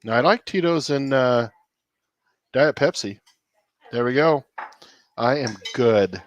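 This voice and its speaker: On his cooking channel's livestream, a relaxed male host rambles along with viewers, chuckling frequently. He speaks slowly and expressively at a medium pitch, with a faint hiss or hum in the audio.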